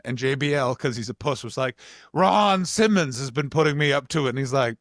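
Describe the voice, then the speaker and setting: A man co-hosting a podcast, telling stories in an animated, ranting way full of swearing. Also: mid-range voice, fairly quick, no room sound, studio quality. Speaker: podcast co-host. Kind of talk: casual comedic chat.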